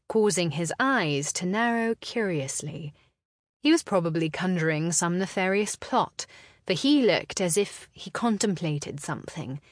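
A woman narrating a historical romance audiobook in a measured, expressive way. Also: on the low side, dry recording, studio quality.

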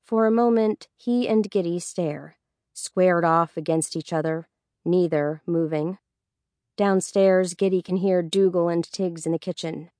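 A woman narrates a story with a steady, even delivery. Her voice is fairly low for a woman. The recording is dry and close, with no room sound. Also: a little slow, no room sound. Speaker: audiobook narrator. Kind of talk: scripted narration.

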